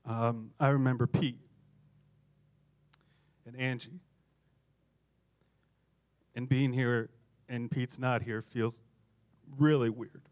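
A man's voice: mid-range voice, little pitch movement, slow pace, pauses often, a little mellow. A middle-aged man, a pastor, preaching a sermon full of humorous, self-deprecating stories. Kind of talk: sermon with storytelling.

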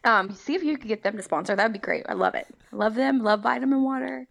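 A woman's voice: fairly high pitch, fast, creaky. A woman from Texas, a theatre actor, guesting on a podcast over a remote call, bubbly and chatty with lots of laughter. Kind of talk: casual chat.

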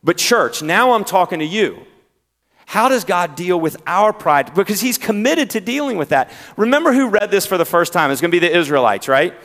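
A man's voice: high voice, sing-song. Southern-accented man preaching in a reverberant hall. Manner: preaching with emphatic pauses, swinging between loud and hushed. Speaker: pastor. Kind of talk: sermon.

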